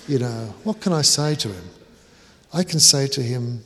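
Preacher telling a story in a hall. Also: male voice, medium pitch, lively intonation, normal speed, fairly bright tone, a little hiss or hum. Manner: conversational, self-deprecating storytelling. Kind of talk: storytelling sermon. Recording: echoey hall reverb.

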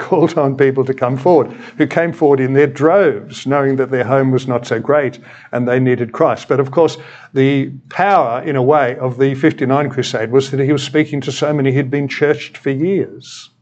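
A man's voice: mid-range voice, fairly even intonation, normal speed, a little mellow, lo-fi sound. An Australian man in his sixties preaching a sermon in a conversational way, with wry humorous asides. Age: 60s. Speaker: retired senior minister, preacher.

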